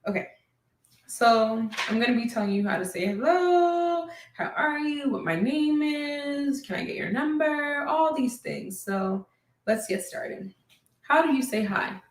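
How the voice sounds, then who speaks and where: Woman with American accent, from Sierra Leone, casual lesson, slow repeats, fairly high voice, echoey room. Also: expressive, a little hiss or hum. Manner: upbeat, repeats words slowly for learners. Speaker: language teacher in a video.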